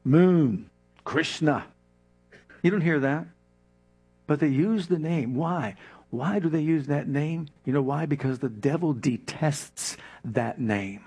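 A man preaching a sermon, emphatic, with dramatic pauses and prayers acted out in his own voice. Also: a little high, expressive, darkish tone, slightly rough. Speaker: pastor.

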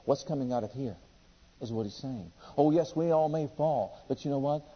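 A man preaching a sermon with passion, reading scripture aloud and swinging between loud and hushed delivery. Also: mid-range voice, moderate pace, slightly rough, in a large hall. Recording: dull lo-fi sermon recording.

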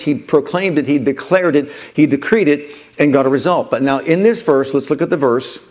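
A male pastor delivering a sermon, his voice a touch higher than most men's. He builds points through repetition and climbs into bold declarations. Faint music sits in the background. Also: darkish tone. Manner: preaching with emphatic repetition, rising to declarations.

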